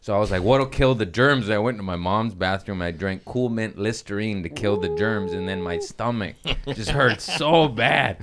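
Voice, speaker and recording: A man's voice: on the low side, moderate pace. A comedian in his thirties, telling crude stories in casual podcast banter. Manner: animated, crude storytelling.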